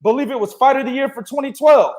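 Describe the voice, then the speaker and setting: Speaking at a quick pace, a young boxing podcast host with an extremely high, somewhat mellow voice leads a casual talk show. He argues his points with plenty of swearing and frequent laughter.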